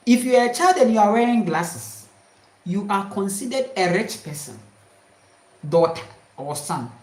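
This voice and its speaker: A woman's voice: medium pitch, very animated, slow, pauses often, darkish tone. A woman giving an emphatic, repetitive spiritual talk to her viewers. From Ghana. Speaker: spiritual speaker. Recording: roomy echo.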